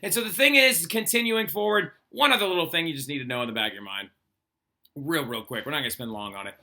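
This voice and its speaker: Bright-voiced chatty male history teacher. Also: fairly high pitch, fast talker, creaky. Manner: chatty, frequent "like" and "right?" tag questions. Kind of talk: casual recorded classroom lecture.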